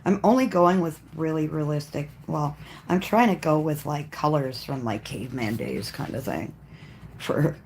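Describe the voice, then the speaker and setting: A woman hosting a live coloring stream, chatting casually in a rambling way and often clearing her throat as she works. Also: low-pitched, lively intonation, moderate pace, darkish tone, a little hiss or hum. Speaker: coloring livestream host. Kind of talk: casual livestream chat while coloring.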